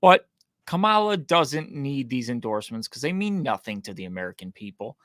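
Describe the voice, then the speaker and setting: A man's voice: medium pitch, big pitch swings, moderate pace, fairly bright tone, no room sound, clean studio sound. A man hosting a casual political commentary show, mocking and sarcastic as he reacts to clips.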